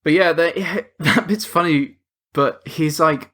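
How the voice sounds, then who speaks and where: A man's voice: fairly high pitch, big pitch swings, unhurried, a bit bright. A man co-hosting a podcast, animatedly retelling scenes with swearing and laughter. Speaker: podcast co-host. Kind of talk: casual chat.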